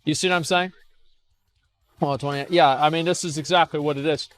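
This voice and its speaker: A man's voice: on the high side, fairly even intonation, a little fast, faint music behind. A young man streaming casual commentary as he reads forum posts aloud, blunt and scornful, swearing, stammering and restarting.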